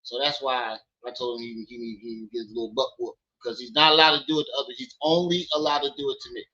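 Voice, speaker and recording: A man hosting a casual live stream from home, teasing his kids loudly and then chatting with viewers. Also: medium pitch, fast talker, highs cut off. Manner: loud playful teasing with his kids, then relaxed talk. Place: at home with children.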